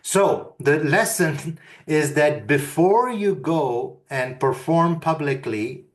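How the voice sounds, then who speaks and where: A man giving a webinar lesson, calmly guiding listeners through breathing and humming exercises. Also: fairly high pitch. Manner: calm, deliberate instruction. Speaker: webinar speaker. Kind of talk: instructional webinar talk.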